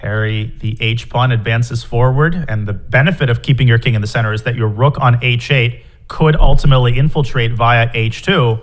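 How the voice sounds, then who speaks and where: A man's voice: medium pitch, normal speed, hardly any pauses. A man commentating a live chess game, explaining moves analytically with wry humor.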